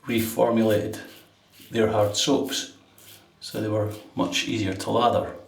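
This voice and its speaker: A man's voice: lowish voice, little pitch movement, measured pace, creaky, far from the mic. Chatty London man in an echoey bathroom. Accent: London English. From England. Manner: rambling, chatty, laughs at own anecdote. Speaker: shaving vlogger. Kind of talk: casual talk while shaving. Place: bathroom at a sink with running water. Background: running tap water and splashing.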